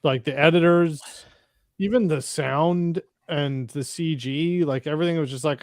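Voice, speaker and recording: A man's voice: fairly high pitch, a little slow, dry recording, studio quality. A man co-hosting a casual pop culture show, talking bluntly and swearing now and then. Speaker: podcast co-host. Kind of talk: casual chat.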